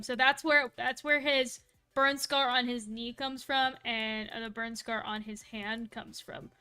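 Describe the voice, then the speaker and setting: High, bright-voiced woman streamer. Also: fairly even intonation, smooth. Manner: rambling, full of asides and self-corrections; playful and quick to laugh at herself. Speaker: livestreamer. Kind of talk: casual storytelling on a live stream.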